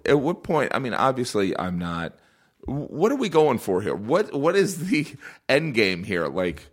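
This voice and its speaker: A man who is a comedian, chatting casually with a deadpan, joking manner. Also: medium pitch, a little slow. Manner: deadpan, joking, animated bursts.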